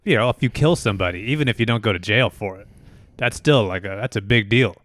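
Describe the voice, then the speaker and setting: A man's voice: lowish voice, fast talker, fairly bright tone, dry recording. A man hosting a podcast in casual chat, talking things through with many restarts and easy laughs. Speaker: podcast host.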